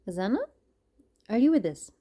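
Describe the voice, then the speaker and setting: In her home kitchen, an Australian woman films her cats on her phone and chats to them in giggly, sing-song baby talk, tossing in swearing asides. Her medium-pitched voice swings widely in pitch at a moderate pace, and the recording sounds muffled. It's casual chat mixed with baby talk to her pets.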